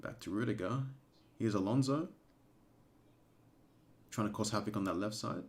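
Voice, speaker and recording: A man giving casual live commentary during a watch-along stream, excitable and emotional, breaking into shouts at big moments. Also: lowish voice, normal speed. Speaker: fan streamer commentating a match.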